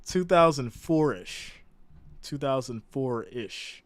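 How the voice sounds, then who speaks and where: A man's voice: mid-range voice, expressive, takes it slowly, no echo. Laid-back male football stream host. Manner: chatty, laid-back, repeats phrases for emphasis. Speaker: livestream host. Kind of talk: casual football play-by-play reaction.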